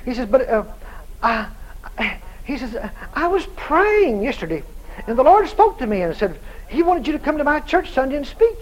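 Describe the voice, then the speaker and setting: High-pitched animated preacher man. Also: moderate pace, dull audio. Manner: animated storytelling, shouting prayers. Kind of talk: sermon storytelling.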